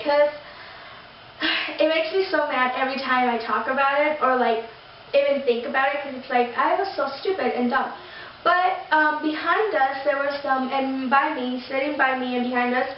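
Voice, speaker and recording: High-voiced young woman in an echoey room. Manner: gushing, rambling, full of fillers and restarts. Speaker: vlogger. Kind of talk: casual storytelling to camera. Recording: very echoey, distant, dull lo-fi sound with faint noise.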